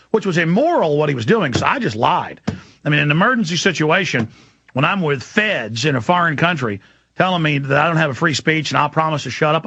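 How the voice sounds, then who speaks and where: A man's voice: on the high side, very animated, moderate pace, vocal fry, pushed and bright, slightly rough, dry recording, highs cut off. A man hosting a radio talk show, rambling through an emphatic story in a monologue.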